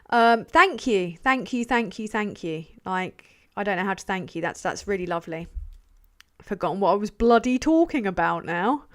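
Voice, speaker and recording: A woman's voice: mid-range voice, animated, moderate pace, fairly bright tone. Chatty, sweary woman streamer. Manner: chatty, sweary, self-deprecating. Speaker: livestream host. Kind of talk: casual livestream chat reading donations.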